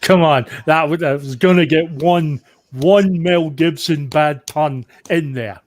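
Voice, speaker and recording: A man's voice: fairly high pitch, takes it slowly, dry recording. A man playing a tabletop game, chatting casually, joking and swearing freely. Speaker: player.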